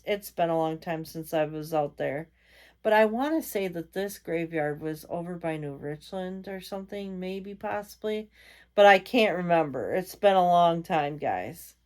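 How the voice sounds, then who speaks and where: A woman's voice: lowish voice, a little mellow. A woman vlogger telling a ghost story in a casual, rambling way, full of fillers and self-corrections. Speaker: vlogger host.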